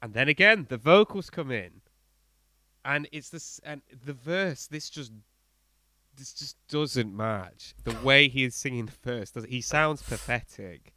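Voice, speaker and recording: A man with a smooth, clean voice chats about music on a podcast, animated and blunt, tripping over his words with fillers and restarts. The sound is close and dry, with no room around it. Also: medium pitch, a little slow, no echo. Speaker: podcast co-host. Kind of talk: casual album review chat.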